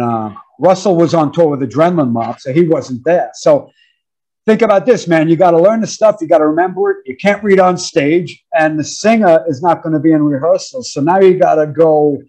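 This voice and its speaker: A man in his fifties with a New York accent, a guest musician telling stories in a casual interview, animated and acting out counts and quotes. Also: on the high side, low-quality recording. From United States. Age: 50s. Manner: animated storyteller, acts out counts and quotes, says "man" often.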